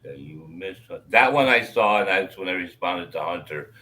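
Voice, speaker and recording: Lowish, bright-voiced male co-host, blunt and joking, casual. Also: expressive, moderate pace. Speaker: stream co-host reacting to music. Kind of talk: casual live-stream chat.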